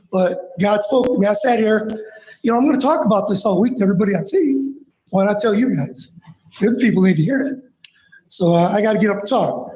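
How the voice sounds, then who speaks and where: A man's voice: sits high, quick pace, a little mellow. A man in his fifties from Michigan, a longtime teacher and coach, giving an emotional, rambling public comment at a school board meeting. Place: large meeting room. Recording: echoey meeting hall.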